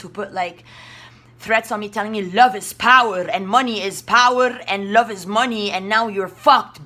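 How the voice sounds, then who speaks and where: A woman's voice: medium pitch, pushed and bright. A woman from Russia, talking in a rambling, emphatic and profane monologue. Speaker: spiritual vlogger.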